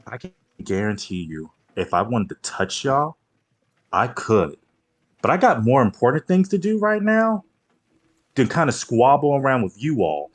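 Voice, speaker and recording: A man's voice: mid-range voice, big pitch swings, unhurried. A man voicing an exasperated, sarcastic adult who scolds a band of young adventurers. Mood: stern. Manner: sarcastic, mocking. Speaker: tabletop game player.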